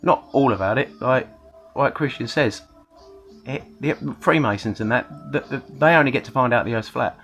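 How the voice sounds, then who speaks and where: A man's voice: medium pitch, normal speed, a bit bright, faint music behind. A man, talking in a casual rambling monologue, swearing a lot and restarting his sentences. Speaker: channel host.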